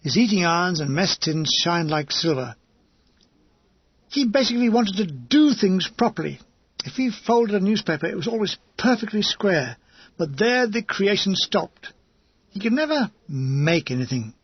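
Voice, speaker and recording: A man's voice: high voice, sing-song, normal speed, slightly rough, dry recording, dull audio. A man reading a comic war memoir aloud as an audiobook narrator, with a wry, dryly comic delivery.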